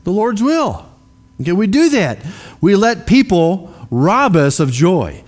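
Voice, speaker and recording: A man's voice: high voice, very animated, takes it slowly, darkish tone. A man preaching a sermon in a casual, conversational way, often putting questions to the congregation. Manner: many fillers and restarts. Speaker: pastor.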